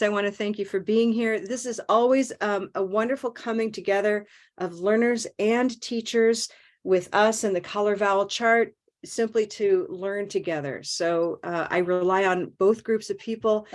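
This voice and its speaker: A woman's voice: medium pitch, normal speed. A woman teaching an online English pronunciation class, encouraging and checking in with "okay?" as she goes. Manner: warm, checks in with frequent "okay?".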